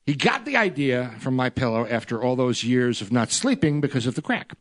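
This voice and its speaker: A man's voice: medium pitch, very animated, fairly quick. A man hosting a comedy podcast, rambling with laughing asides and fillers. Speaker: host.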